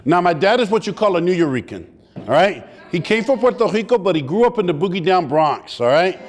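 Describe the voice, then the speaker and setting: A man speaking on stage, telling a personal story in a lively, joking, animated way. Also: high voice, a little fast. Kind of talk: comic personal storytelling speech. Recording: long hall reverb.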